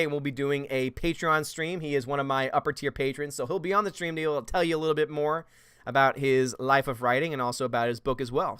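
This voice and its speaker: A man's voice: mid-range voice, fairly bright tone, smooth, no echo, studio quality. Chatty man hosting a livestream. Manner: chatty, laughs often, reads chat comments aloud. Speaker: host. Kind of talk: casual livestream chat.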